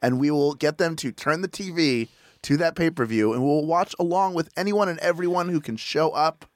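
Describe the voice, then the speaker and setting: A man's voice: a little high, normal speed, dry recording. A man co-hosting a podcast, playful and upbeat as he lays out fundraising goals in casual chat over a close studio mic. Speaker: podcast co-host.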